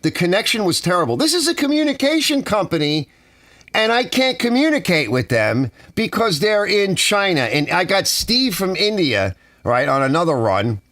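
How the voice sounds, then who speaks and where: Man, from the US, ranting, exasperated, lively swings in pitch, dry studio sound. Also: normal speed, no room sound. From United States. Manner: exasperated, animated complaining with softened swearing. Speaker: channel host. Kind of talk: ranting casual monologue. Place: home garage studio.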